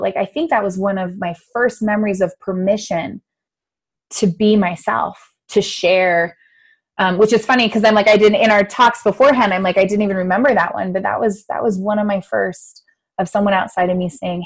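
A woman in her thirties, from the United States, telling her own life story as an interview guest, often acting out her younger self with big swings in voice. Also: normal speed. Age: 30s. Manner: animated, acts out her own past voice with big pitch jumps. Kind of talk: casual personal interview storytelling.

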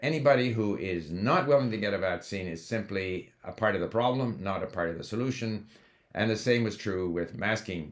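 A man hosting a language-learning video, talking in an opinionated, conversational way with frequent fillers. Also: medium pitch. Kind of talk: casual monologue to camera. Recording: roomy echo.

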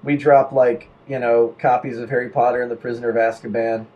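A man's voice: medium pitch, flat delivery, brisk, lo-fi sound. A man chatting casually, joking and riffing on silly scenarios. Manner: joking, riffs with put-on quoted voices and laughs. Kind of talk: casual podcast chat.

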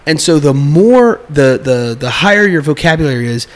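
A man in casual conversation, talking in an animated way, restarting his sentences and acting out what other people say. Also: fairly high pitch, normal speed. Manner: animated, restarts often, acts out quoted speech.

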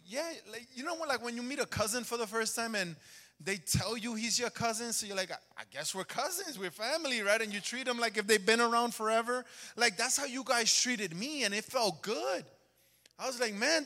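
A man's voice: very high-pitched, sharp tone, long reverb tail. A man giving a conversational sermon testimony in a church, calling out to the congregation for amens. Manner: conversational preaching, asks for amens. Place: church sanctuary.

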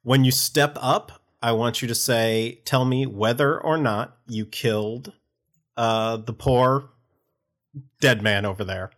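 A man's voice: mid-range voice, takes it slowly, fairly bright tone. A man playing a tabletop role-playing game, talking casually and laying out his plan. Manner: casual, explaining rules. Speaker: player.

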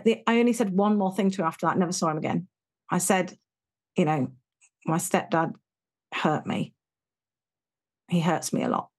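Interviewed as a guest, a middle-aged Englishwoman recounts her life story with frankness and animation, acting out the voices of people she quotes. Her pitch is fairly low.

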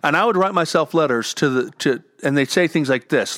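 Speaking a little fast with few pauses, a middle-aged man uses an expressive, somewhat high and bright voice, with no echo. He's a cancer survivor and entrepreneur giving candid advice at home among his dogs, earnest and often repeating words.

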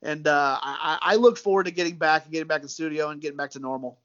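A man's voice: a little high, fast talker, a bit bright. A man talking casually as a guest, easygoing and given to repeating words, calling the host dude and man. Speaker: sports podcaster guest. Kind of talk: casual chat. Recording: slightly dull lo-fi sound.

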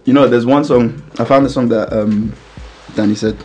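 A man's voice: medium pitch, steady tone, moderate pace, darkish tone. Young guy on radio, slangy laid-back chat, laughs a lot, bit of music behind. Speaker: radio host. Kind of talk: casual chat.

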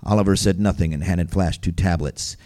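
A man's voice: low-pitched, brisk, dark tone. A man reading his own first-person memoir aloud as a storyteller, vivid, wry and gritty.

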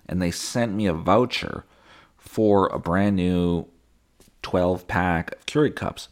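Low-voiced man, sarcastic and profane. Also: lively intonation, a little slow. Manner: profane, sarcastic, rambling, jumps into mocking voices. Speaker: podcast host. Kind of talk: casual solo podcast monologue.

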